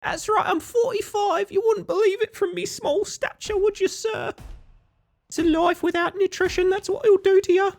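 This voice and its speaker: A man voicing a starving Victorian street urchin who begs in a high, whiny voice and claims to be forty-five despite his tiny size. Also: fairly even intonation, moderate pace, creaky, soft background music. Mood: pleading. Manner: high squeaky begging whine.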